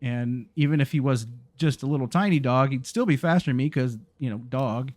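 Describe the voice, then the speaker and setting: A man's voice: mid-range voice, fairly quick, a little mellow, no echo. A man, hosting a gaming channel and telling a rambling story while he plays, full of restarts and fillers. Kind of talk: casual storytelling while playing a game.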